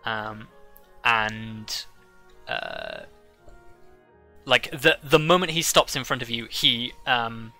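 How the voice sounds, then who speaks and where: A man narrating as game master of a tabletop game, halting often with fillers and restarts. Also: mid-range voice, very animated, gravelly, pushed and bright, faint music behind.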